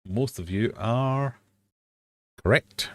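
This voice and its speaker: A British man hosting a casual live quiz stream from his fish room, playful and quick to joke at himself. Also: medium pitch. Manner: playful, jokey, laughs at himself.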